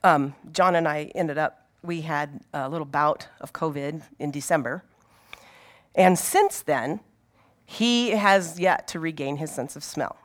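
A woman's voice: deep voice, a little slow. A woman giving an informal Bible teaching in a conversational way, often asking her listeners rhetorical questions.

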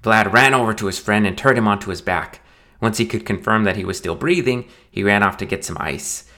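Low-voiced man narrating a wry story. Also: brisk, background noise. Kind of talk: scripted audiobook narration.

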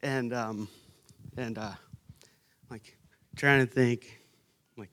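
A young man sharing a church testimony. He is an animated, self-mocking storyteller who uses many filler words. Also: medium pitch, slow pace, long pauses. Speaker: retreat participant sharing testimony.

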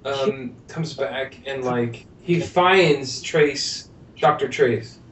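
A man's voice: drawn-out words, fairly bright tone. A man co-hosting a casual movie review podcast, rambling and laughing as he acts out scenes. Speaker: podcast co-host. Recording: distant roomy lo-fi mic with faint rumble.

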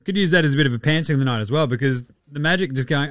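A man's voice: on the high side, rapid-fire, few pauses, fairly bright tone, no room sound, clean studio sound. A man with an Australian accent hosting a casual, rambling chat with lots of swearing and chuckling asides. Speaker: podcast host.

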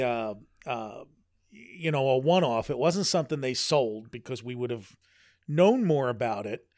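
A man's voice: mid-range voice, a little mellow, no echo, studio quality. A man co-hosting a podcast in casual chat, rambling with frequent restarts. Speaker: podcast co-host.

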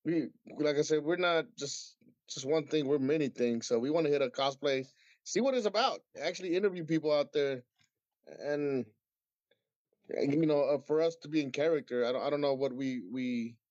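A man chatting casually with friends, animated, laughing a lot and swearing. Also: fairly high pitch, moderate pace, dry recording, dull audio. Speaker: guest. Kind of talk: casual chat.

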